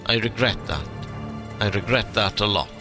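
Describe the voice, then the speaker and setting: A man's voice: on the low side, normal speed, natural voice. A man voicing a regretful old astronaut commander. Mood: confessing. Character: old former astronaut commander with a painful back, confessing. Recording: soft music underneath.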